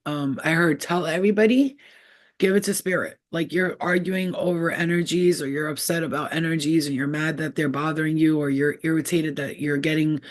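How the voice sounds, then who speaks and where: Chatty slangy woman vlogging on a laptop. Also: low-pitched. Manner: chatty, slangy, laughs often. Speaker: psychic medium. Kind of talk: casual vlog storytelling. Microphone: laptop built-in camera mic.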